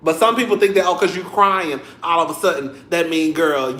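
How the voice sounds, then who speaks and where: A young man giving sassy, animated commentary straight to his viewers in a casual vlog, full of cussing. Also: a little high, normal speed, reverberant. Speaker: vlogger. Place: home room.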